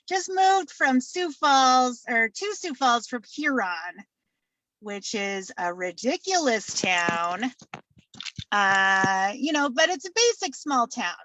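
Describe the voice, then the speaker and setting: A woman doing a stand-up comedy set, deadpan, with many fillers and repeated punchlines. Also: on the high side, dry recording, dull audio.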